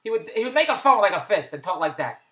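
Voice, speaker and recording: A woman's voice: medium pitch, very animated, fast talker. A woman in an exasperated comedic rant, stammering restarts and asking the same questions over and over. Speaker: comedic monologuist. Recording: echoey room.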